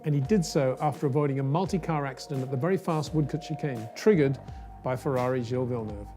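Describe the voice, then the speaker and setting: A man's voice: mid-range voice, fast talker, over music. A man presenting the show, narrating history and chatting admiringly with his guest.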